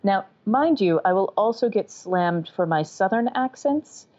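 A woman's voice: mid-range voice, lively intonation, a little slow, a little mellow. A woman from the American South, an audiobook narrator and author, talking candidly and chattily in an interview, with a self-deprecating manner. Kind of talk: casual interview conversation. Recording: dull lo-fi sound.

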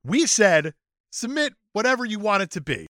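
A man's voice: high voice, moderate pace, dry recording, studio quality. A man hosting a podcast, chatting casually and joking crudely. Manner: joking, profane, lively. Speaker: podcast host. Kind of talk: casual chat.

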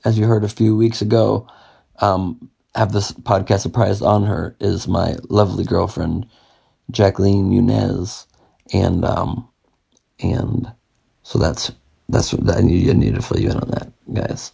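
Gravelly young man hosting a podcast. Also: deep voice, steady tone, unhurried, warm tone. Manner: jokey, rambling, breaks into song. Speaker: podcast host. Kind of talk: casual podcast chat.

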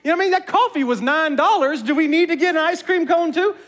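A man, a pastor, giving a sermon as an animated, self-mocking storyteller. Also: very high-pitched, quick pace. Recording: long reverb of a large hall.

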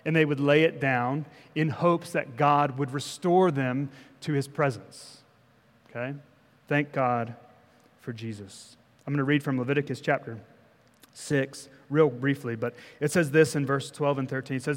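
A man's voice: mid-range voice, steady tone, measured pace, in a large hall. A male pastor giving a conversational sermon, often checking in with the congregation. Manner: conversational preaching, frequent "okay?" check-ins. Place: church sanctuary.

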